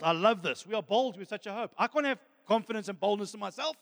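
A man's voice: sits high, animated, fast talker, a bit bright, big-room sound. A man preaching a fervent sermon as a pastor, often calling out "friends" and "amen.".

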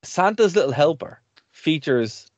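A man's voice: a little high, expressive, unhurried, dry recording. Male radio host, dull dry sound. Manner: rambling, laughs often, trails off. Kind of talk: casual chat.

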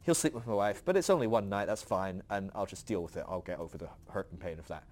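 A man voicing a scheming, anxious husband of old who talks himself into a bad plan in a lowering voice. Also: fast, a little mellow, natural voice. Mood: rationalizing.

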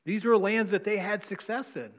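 A man's voice: sits high, moderate pace, fairly bright tone. A man preaching a sermon as pastor, talking conversationally and asking the congregation questions. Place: church sanctuary. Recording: long hall reverb.

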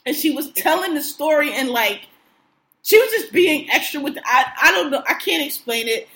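A woman co-hosting a casual show chat, animated, slangy and profane, often breaking into laughs. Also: sits high, moderate pace. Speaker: podcast co-host. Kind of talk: casual chat recapping TV shows.

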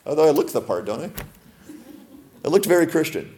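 A male pastor giving a sermon in a conversational style, asking the congregation questions, slowing down and softening to read scripture, and joking with laughter in between. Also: a little high, very animated, slight background noise. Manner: slows and softens when reading scripture aloud.

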